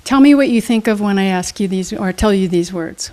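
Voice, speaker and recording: A woman's voice: medium pitch, brisk, hardly any pauses, dark tone. A woman motivational speaker and trainer, answering in an interview with an emphatic, teacherly manner and quiz-style questions. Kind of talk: interview guest. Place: studio.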